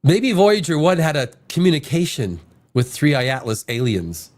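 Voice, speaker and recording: A podcast host with a cold talks in a loose, rambling way. His pitch swings widely as he jumps between chatter and reading news stories aloud, with the odd casual curse. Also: normal speed. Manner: animated, rambling, swears casually. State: has a cold.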